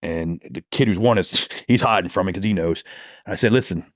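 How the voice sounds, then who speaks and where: A man's voice: deep voice, fairly quick, no room sound, clean studio sound. A man, a police detective, telling stories from the job in a podcast interview, swearing freely and acting out heated phone calls.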